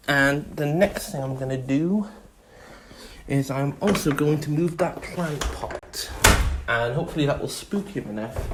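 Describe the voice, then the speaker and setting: A man's voice: on the high side, lively intonation, a little slow, a little hiss or hum. A young man filming on his phone at home, nervous and swearing casually as he talks to the camera. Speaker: vlogger. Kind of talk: phone video narration. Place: house indoors.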